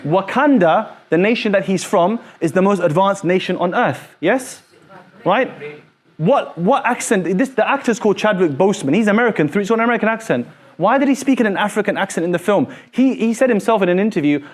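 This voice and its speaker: A man teaching a classroom lesson, quizzing his students with quick repeated questions in an animated way. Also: high-pitched.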